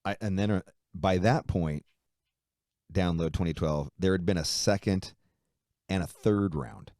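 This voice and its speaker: A middle-aged musician with a very low, deep voice tells his story in a loose, profane, animated way. The sound is dry and close. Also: measured pace, no echo. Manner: profane, animated retelling with frequent fillers. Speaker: musician guest. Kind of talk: casual storytelling interview.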